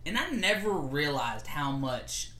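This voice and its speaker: A man with a fairly high, slightly slow voice co-hosts a podcast, chatting casually. He's an animated storyteller who acts out lots of quotes.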